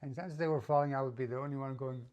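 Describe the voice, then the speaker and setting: A man's voice: fairly even intonation, rapid-fire. Rambling middle-aged man telling a story. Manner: rambling, with many fillers and restarts; acts out quoted voices, often higher and louder. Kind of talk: casual spoken life story.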